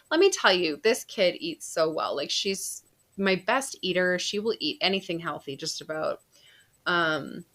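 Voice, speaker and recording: A woman's voice: fairly low pitch, pushed and bright. A woman in her thirties, a podcast host, casually telling a personal story with frequent laughs and fillers. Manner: chatty, laughs often, lots of fillers.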